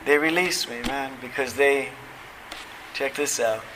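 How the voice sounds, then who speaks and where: A man's voice: mid-range voice, a little slow, background noise. A middle-aged man giving a recovery testimony at a convention, telling it casually, acting out quoted dialogue and chuckling at his own stories.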